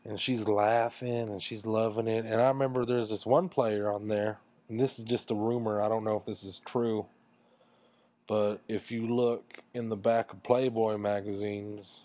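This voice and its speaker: A low-pitched man rambles through a crude personal anecdote, mocking himself as he goes. His delivery is loose and casual, full of asides. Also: flat delivery, moderate pace, dark tone, dry recording. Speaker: storyteller. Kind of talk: casual comic storytelling.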